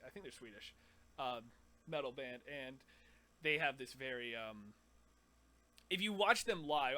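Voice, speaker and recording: A man casually explaining his scream techniques, stopping mid-sentence to demonstrate growls and shouts. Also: fairly high pitch. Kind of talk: casual vocal tutorial.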